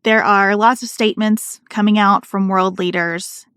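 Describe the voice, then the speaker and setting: A woman's voice: medium pitch, steady tone, unhurried, fairly bright tone, smooth, no room sound, studio quality. A woman co-hosting a political podcast, talking earnestly and reading quotes aloud with emphasis. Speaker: podcast co-host.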